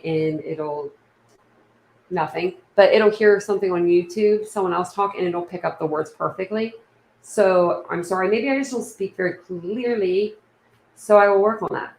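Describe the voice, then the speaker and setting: Gravelly Southern woman chatting on a livestream. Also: fairly low pitch, roomy sound, a little hiss or hum, low-quality recording. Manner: rambling, chatty, many fillers. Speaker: livestream host. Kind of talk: casual livestream chat. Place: room at home.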